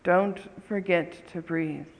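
A storyteller voicing a calm, patient old rabbi. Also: medium pitch, slow pace, phone-quality sound. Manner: calm, gently questioning. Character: wise patient rabbi, older man. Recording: long hall reverb.

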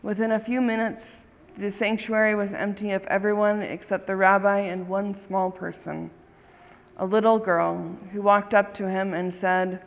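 A storyteller narrating a tale in a measured, calm way. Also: medium pitch, creaky. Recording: long hall reverb.

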